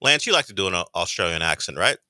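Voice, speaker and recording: A man's voice: deep voice, very animated, fast, pushed and bright, dry recording. A man on a sports talk radio show setting up a segment and explaining it. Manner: storytelling, sets up segments. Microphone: studio microphone.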